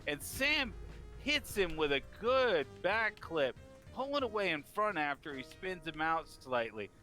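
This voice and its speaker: A man giving eager play-by-play commentary on a video game race, rising in excitement at each crash. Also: fairly high pitch, measured pace, soft background music.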